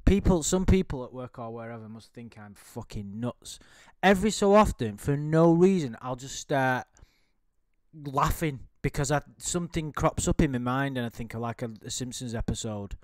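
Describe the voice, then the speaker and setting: A man's voice: mid-range voice, animated, normal speed, a little mellow, dry recording, clean studio sound. A man giving casual, rambling commentary while reading out a chat log, full of swearing, restarts and laughter.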